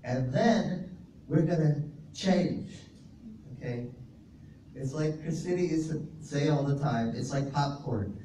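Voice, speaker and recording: Taking it slowly, this male pastor reads scripture and explains Greek terms during a sermon, his high-leaning voice dark in tone. The distant mic in the fellowship hall picks up a roomy echo, an off-mic quality, and faint noise.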